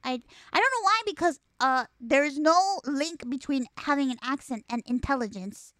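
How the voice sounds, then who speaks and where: A young woman with a Spanish accent hosting a casual talk show, excitable, repeating herself and swearing freely. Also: high voice, moderate pace, no echo, studio quality. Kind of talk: casual chat.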